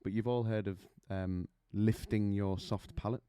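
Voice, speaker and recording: A male vocal coach talks through technique in a relaxed, chatty way, breaking into little demonstrations and stories. His voice sits low and mellow. The sound is dry and close. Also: unhurried, clean tone, dry recording. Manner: chatty, explains with demonstrations and anecdotes. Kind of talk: singing lesson to camera.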